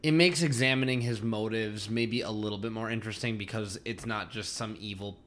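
A man co-hosting a podcast, giving quick, joking commentary on a movie. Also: lowish voice, steady tone, a bit bright. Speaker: podcast co-host. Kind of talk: casual movie discussion.

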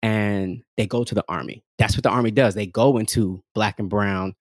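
Animated man telling stories, dry close sound. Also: lowish voice, normal speed, no echo. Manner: animated storytelling, acts out quoted voices, laughs often; frequent fillers like "like" and "um". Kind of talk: casual conversation.

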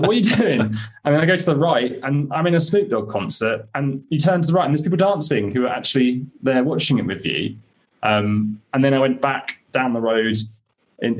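A young man, a podcast guest, telling excited, rambling stories in casual chat with many fillers. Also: medium pitch.

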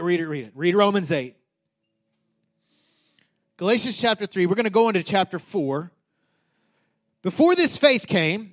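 A middle-aged man, a pastor, preaching a conversational sermon that climbs to emphatic peaks. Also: high-pitched.

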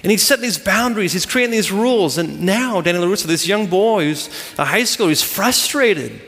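A man's voice: high voice, lively intonation, brisk, a bit bright, big-room sound. A man preaching a sermon to a congregation, driving his points home with emphatic repeated phrases. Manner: emphatic, repetitive preaching cadence. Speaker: pastor.

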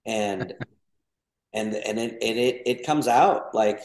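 As a podcast guest, a man from Mexico talks casually in a fairly low, darkish voice at a slow pace. He meanders, restarting often and using lots of fillers, and there's a roomy echo on the recording.

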